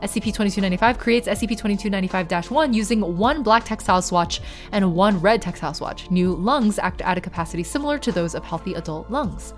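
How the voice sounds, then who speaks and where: A young woman streamer reads documents aloud flatly and chats with her viewers, turning tearful and giggly. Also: mid-range voice, fast talker, faint music behind. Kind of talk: live-stream reading and chat.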